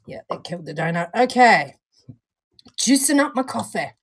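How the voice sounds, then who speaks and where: A woman co-hosting a casual live stream, chatty and unhurried, often trailing off and laughing. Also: mid-range voice, sing-song, breathy edge. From Australia or New Zealand. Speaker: co-host of a vape review stream.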